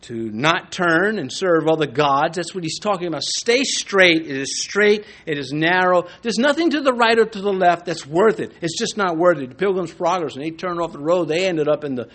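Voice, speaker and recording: A man's voice: high-pitched, animated, normal speed, few pauses, a bit bright. An older man preaching a sermon as a pastor, in a conversational way, with asides and small restarts.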